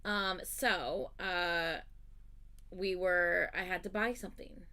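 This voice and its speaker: A woman's voice: fairly low pitch, fairly even intonation, takes it slowly, sharp tone. A woman hosting a livestream, chatting casually and animatedly as she tells a story, swearing freely. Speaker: livestream host.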